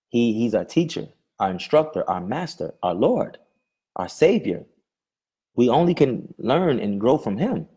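Husky, fervent male preacher. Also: medium pitch, sing-song, a little slow, mellow. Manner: fervent, repeats questions, stumbles and restarts words. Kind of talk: sermon.

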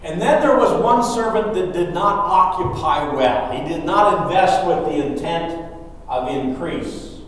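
A man's voice: a little high, unhurried, fairly bright tone. A man preaching a sermon in a church, emphatic and repeating his key phrases. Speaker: pastor. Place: church sanctuary. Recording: echoey church hall from far off.

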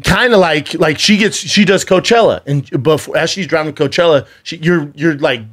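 A man's voice: a little high, a little fast, fairly bright tone. A man co-hosting a podcast, telling a long story in a loose, profane, run-on way. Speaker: podcast co-host. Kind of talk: casual chat, storytelling.

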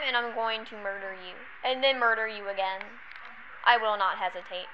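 A woman giving casual gameplay commentary, excitable and giggly, full of exclamations. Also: on the high side, normal speed, a crowd in the background. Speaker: gamer. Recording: muffled lo-fi screen recording.

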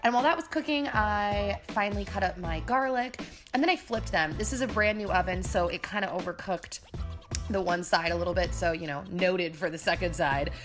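A woman's voice: medium pitch, fairly quick, over music. A woman vlogger talking in a bubbly, upbeat, chatty way as she walks through a cooking video in her new, mostly empty kitchen. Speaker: lifestyle vlogger. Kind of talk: casual cooking vlog talk.

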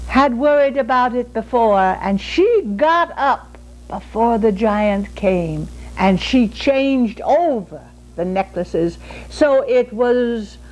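A woman storyteller telling a folk tale in an unhurried, lilting way with dramatic pauses. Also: mid-range voice, darkish tone, low-quality recording.

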